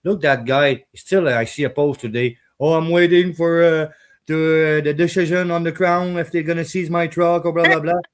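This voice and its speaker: Heated profane trucker, somewhat high voice. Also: male voice, fairly even intonation, normal speed. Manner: heated, profane, non-native grammar. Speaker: truck driver. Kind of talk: casual chat.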